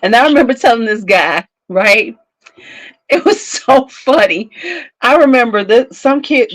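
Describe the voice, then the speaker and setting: In a low-quality recording, this woman in her fifties speaks in a mid-range voice while hosting her at-home livestream. The beauty channel host spins chatty stories, laughs frequently and answers her viewers directly.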